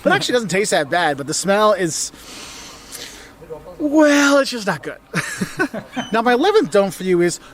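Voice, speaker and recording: Man, travel presenter, high voice, lively, jokey, outdoors in a city. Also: fairly quick. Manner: lively, animated, jokey, exaggerated asides. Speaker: travel vlogger. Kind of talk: presenting a travel video to camera.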